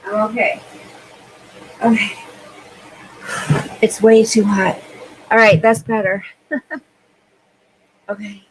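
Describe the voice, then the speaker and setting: A woman's voice: mid-range voice, flat delivery, slow, pauses often, a faint crowd, a little hiss or hum, rough recording. A woman hosting a casual live stream, overheated and sweaty, chatting as she reads viewer comments aloud and answers them. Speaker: livestream host.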